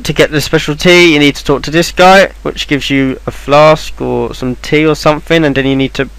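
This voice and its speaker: A man's voice: a little high, steady tone, normal speed, creaky, a bit bright, clean tone, no room sound, rough recording. A man talking through a game walkthrough in an offhand, rambling way, with plenty of ums and restarts. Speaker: game guide maker. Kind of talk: casual game walkthrough voice-over.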